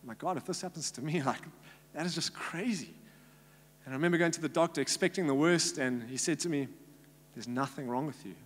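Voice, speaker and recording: A man's voice: on the high side, a little fast. Young man preaching in a reverberant hall. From South Africa. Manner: casual storytelling with many "like" fillers and acted-out quotes. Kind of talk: sermon with personal testimony. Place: church hall.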